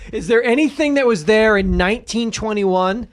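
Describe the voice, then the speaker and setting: A man co-hosting a podcast in casual comedic banter, ranting with profane, mock-outraged energy. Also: sits high. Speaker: podcast co-host.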